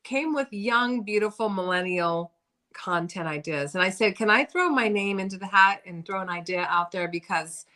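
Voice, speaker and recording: A woman's voice: mid-range voice, animated, normal speed, bright, forceful tone. A woman director and co-creator speaking on a video call, upbeat and explaining at length. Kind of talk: casual interview.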